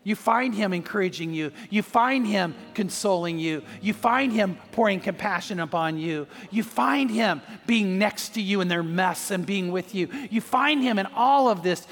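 A man's voice: high-pitched, animated, moderate pace, hardly any pauses, fairly bright tone, big-room sound. A man preaching a sermon as pastor, telling a personal story and acting out the voices in it. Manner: storytelling, acts out voices in anecdotes.

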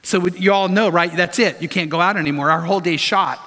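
A man's voice: sits high, fast, a bit bright. A man preaching a sermon, telling stories with emphasis and putting rhetorical questions to the congregation. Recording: long reverb of a large hall.

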